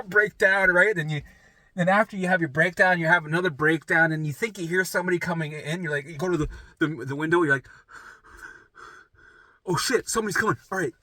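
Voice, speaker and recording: A middle-aged man telling his own story in a rambling, profane, animated way, often asking "right?" and jumping into acted voices. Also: a little fast, no room sound. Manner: acts out his own past voices in sudden pitch jumps. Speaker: vlogger sharing his recovery story. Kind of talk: casual storytelling monologue.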